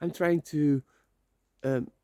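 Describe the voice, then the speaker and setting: A Dutch vlogger walks outdoors along a slippery path, talking into his phone in a rambling, heartfelt motivational monologue and swearing casually. His voice sits on the high side, steady, slow and mellow, with no room sound.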